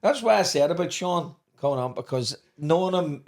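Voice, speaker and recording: Lively Belfast man, swooping pitch. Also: normal speed. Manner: chatty, swears, jumps in with jokes. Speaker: podcast co-host. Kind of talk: casual podcast banter.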